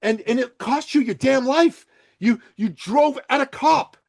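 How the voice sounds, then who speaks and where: A man born in Iran, speaking without an accent as a podcast guest, blunt and forceful, swearing freely and swinging between loud outbursts and quiet remarks. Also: very high-pitched, a little slow, creaky. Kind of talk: forceful opinionated interview talk.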